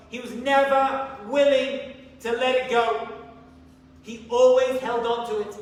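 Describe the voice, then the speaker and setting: Rabbi preacher, high-voiced, telling stories with acted-out lines, recorded far off in a big reverberant hall. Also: male voice, unhurried. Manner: animated storyteller, acts out dialogue. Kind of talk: sermon with storytelling. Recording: echoey hall from far off, faint ambience.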